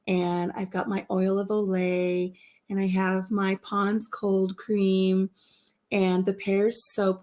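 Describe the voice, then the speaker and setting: A woman in her fifties hosting a live chat and telling stories in a warm, chatty way, laughing at herself. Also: medium pitch. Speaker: host.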